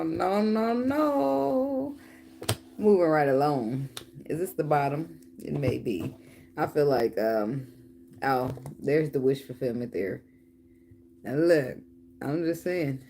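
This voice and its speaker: Low-voiced, profane woman tarot reader. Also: animated, takes it slowly, creaky, mellow, slight background noise. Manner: profane, laughing, playful banter. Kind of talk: casual tarot reading.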